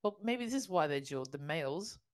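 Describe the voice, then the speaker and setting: A woman's voice: low-pitched, animated, quick pace, a crowd in the background. An Australian woman co-hosting a podcast, telling stories in a chatty way with frequent laughter and restarts. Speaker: podcast co-host. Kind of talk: casual chat.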